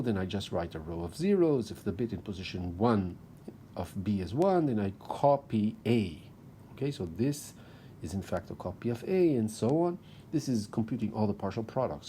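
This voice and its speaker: Low-ish guy lecturing, bouncy intonation, mellow tone, faint rumble under it. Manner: explains step by step, talking through drawings with frequent "okay". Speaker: university lecturer. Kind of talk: recorded lecture explaining slides.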